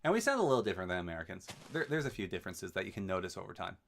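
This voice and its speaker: A man's voice: deep voice, expressive, very fast, vocal fry, a little hiss or hum. A man from Canada streaming a game, chatting casually and rambling with wry asides while he answers his live chat.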